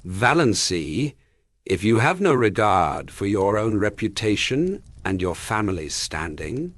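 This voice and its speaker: A man's voice: fairly low pitch, sing-song, measured pace, fairly bright tone, full character voice. A man reading an audiobook, voicing a fretful middle-aged mother who complains in a plaintive, self-pitying way.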